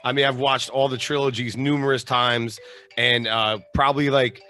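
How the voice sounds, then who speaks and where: Animated male podcast host. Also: mid-range voice, moderate pace, faint music behind. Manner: animated, laughing fan talk. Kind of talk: casual interview chat.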